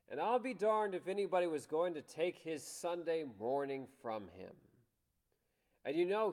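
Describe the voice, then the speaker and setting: Man, preacher, impassioned sermon, slow deliberate delivery, lively pitch. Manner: impassioned, dramatic swings between loud and hushed. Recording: long hall reverb.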